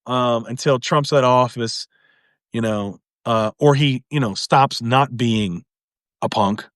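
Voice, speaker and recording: A man's voice: mid-range voice, dry recording, clean studio sound. A man hosting his own live video, talking through politics in a casual, chuckling way. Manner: animated, chuckling, acts out others in mock voices. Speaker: host of a live video commentary show. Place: home livestream.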